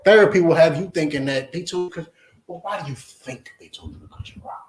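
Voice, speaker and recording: A man preaching a confrontational lesson to his group, blunt and forceful, again and again asking whether his listeners understand. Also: fairly high pitch, fairly quick, echoey room, poor audio. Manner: blunt, forceful, repetitive questioning. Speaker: Hebrew Israelite teacher.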